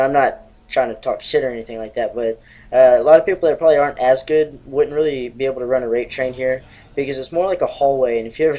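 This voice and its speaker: A man's voice: mid-range voice, darkish tone, poor audio. Twenties guy rambling over gameplay, cussing a lot, laughing, normal mid voice. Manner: rambling, profane, laughs often. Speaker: gaming channel host. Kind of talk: casual gameplay commentary.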